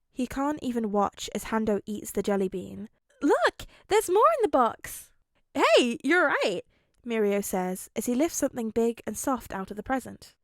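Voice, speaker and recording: A woman reading fan fiction aloud as an audiobook, with a gentle, chatty manner. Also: a little high, no echo, clean studio sound. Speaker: podfic reader.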